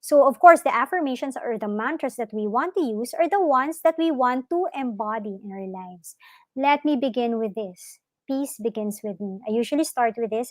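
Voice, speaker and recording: A woman giving a gentle, encouraging live online talk to parents on mindfulness and yoga, often asking her listeners questions. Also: on the high side, no echo.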